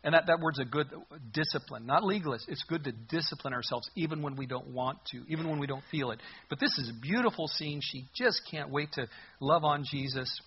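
A man preaching a sermon as a pastor, expressive and full of rhetorical questions, on a muffled lo-fi recording. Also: on the high side, brisk, slightly rough.

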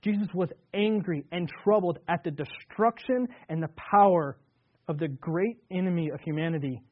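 A man's voice: sits high, normal speed. Earnest male pastor on tinny radio. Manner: earnest, repetitive restarts, swings between loud emphasis and hushed tones. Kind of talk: sermon. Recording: tinny phone-like radio broadcast.

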